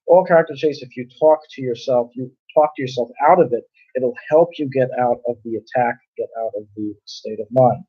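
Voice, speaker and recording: A man giving a relaxed Torah class at a middle pitch, talking it through with everyday examples. He often repeats himself and restarts phrases as he explains. The recording sounds dull and lo-fi. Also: a little fast, slightly rough. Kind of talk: conversational Torah class lecture.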